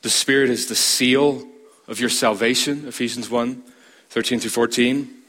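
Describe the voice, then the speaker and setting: Emphatic preacher with a bright voice. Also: male voice, steady tone, normal speed. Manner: emphatic, rising to a high pitch to stress points; questions the listeners directly. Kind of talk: sermon.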